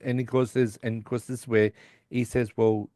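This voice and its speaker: A man's voice: mid-range voice, little pitch movement, normal speed, warm tone, no echo, clean studio sound. A man co-hosting a podcast, casually recapping a sitcom episode and quoting lines from its scenes. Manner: retells scenes with quoted lines. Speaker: podcast co-host.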